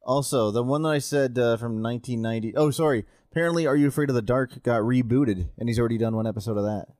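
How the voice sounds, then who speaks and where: A man's voice: medium pitch, quick pace, darkish tone, dry recording. A man, an actor, casually telling a story in chat and laughing at himself now and then. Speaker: actor, podcast co-host.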